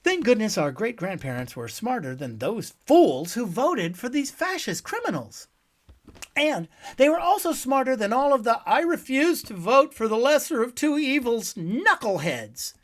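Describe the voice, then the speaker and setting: A man hosting a scripted political monologue, ranting with sarcasm and name-calling, swinging between loud outbursts and hushed asides. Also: very high-pitched, very animated, normal speed. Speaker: host.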